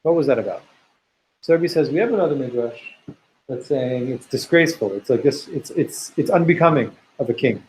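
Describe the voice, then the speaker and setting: Male teacher, mid-pitched, reads Hebrew passages and unpacks them thoughtfully for a class. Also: expressive, a little fast, darkish tone, a little hiss or hum, low-quality recording. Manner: thoughtful, reads Hebrew text aloud and explains it; repeats words while working out ideas. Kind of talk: Torah class lecture.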